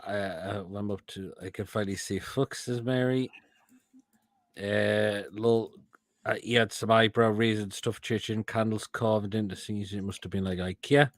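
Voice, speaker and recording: A man with an English accent hosting a casual live stream, reading out viewer comments, swearing freely and laughing loudly. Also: fairly low pitch, flat delivery, normal speed, no room sound. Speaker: show host.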